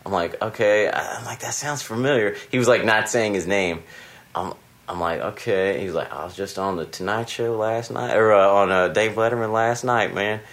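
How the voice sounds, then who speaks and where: A man with a low voice hosts a relaxed conversation in a hotel room. He rambles through stories and acts out both sides of phone calls. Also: normal speed. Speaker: podcast host. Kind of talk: casual chat.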